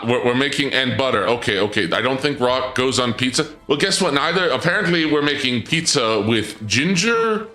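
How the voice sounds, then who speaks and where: A man live-streaming, chatting with his viewers in an excitable, stammering way, his voice often leaping up when surprised. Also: medium pitch. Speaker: livestreamer. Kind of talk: live-stream chat banter. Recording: echoey room with game music behind.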